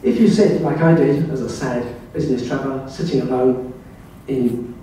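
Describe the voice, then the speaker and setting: An older man from England giving a slide presentation at a club, telling wry, anecdotal stories in a relaxed way. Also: medium pitch, normal speed, recorded from a distance, a little hiss or hum. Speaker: club speaker. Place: club meeting room. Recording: very echoey room, voice heard from afar.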